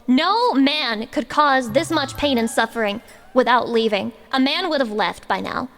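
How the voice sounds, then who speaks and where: A woman's voice: sits high, animated, a little slow, in a large hall. A woman streamer ranting to her chat in a profane, sarcastic mock-mourning tone and singing along to karaoke songs. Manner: sings along loudly to backing tracks. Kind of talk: karaoke livestream with chat banter.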